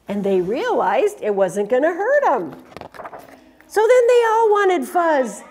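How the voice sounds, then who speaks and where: High-voiced woman reading storytime to small kids, sing-song and very lively. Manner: animated, sing-song, coaxing. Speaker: children's storyteller. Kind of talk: storytime read-aloud to children.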